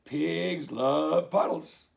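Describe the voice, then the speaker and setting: Man doing slow grumbling cows. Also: fairly high pitch, vocal fry, voice pushed up, exaggerated voice. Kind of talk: storybook read-aloud.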